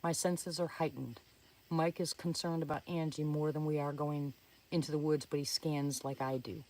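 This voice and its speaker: A woman's voice: low-pitched, steady tone, normal speed, a little mellow. A woman reading a first-person story aloud, in an earnest, suspenseful telling with small slips. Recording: voice somewhat distant from the mic.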